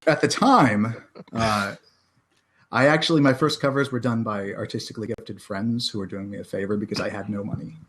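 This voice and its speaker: Chatty American man, halting and self-deprecating. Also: lowish voice, a bit bright, slight background noise. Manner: halting, many restarts and self-deprecating laughs. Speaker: podcast guest, self-published author. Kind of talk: casual podcast chat.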